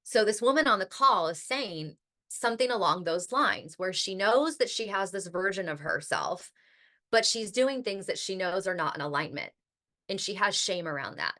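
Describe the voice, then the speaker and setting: Speaking at a moderate pace, a female podcast host keeps up a casual, chatty monologue, using "like" constantly and swearing once in a while. Her mid-range voice is animated, bright and forceful.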